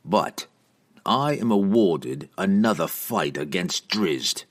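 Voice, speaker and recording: A man voicing a grim, cunning male assassin in an audiobook, speaking in a low, measured way. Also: lively intonation, heavily acted.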